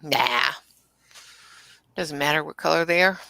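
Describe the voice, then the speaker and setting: A woman chatting casually on a stream, telling stories about her morning and laughing easily, with a gravelly voice. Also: low voice, measured pace, sharp tone, no room sound. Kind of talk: casual chat.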